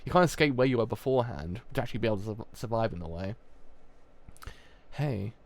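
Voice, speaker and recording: A man's voice: on the low side, animated, very fast. A man giving a casual live review, rambling with many restarts and fillers. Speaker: manga reviewer.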